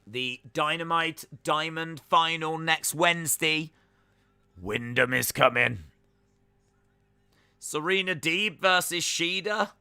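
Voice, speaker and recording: A man's voice: a little high, slow pace, long pauses, sharp tone, smooth, dry recording. A man hosting a live reaction stream, chatting and joking about what he is watching, with frequent uhs.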